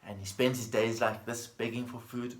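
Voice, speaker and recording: A man of middle pitch gives a Buddhist dharma talk, calm and gentle, telling a simple story and circling back to key phrases. His voice carries the echo of the room around him. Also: moderate pace. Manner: gentle, storytelling with plain repetition. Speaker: Buddhist teacher. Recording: echoey room.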